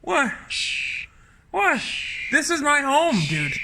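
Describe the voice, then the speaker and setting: A man talking casually outdoors on his home deck, exasperated and full of mock-tough bravado, often shouting. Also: extremely high pitch, huge pitch swings, slow pace, creaky, background noise. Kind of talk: casual talk to a bird.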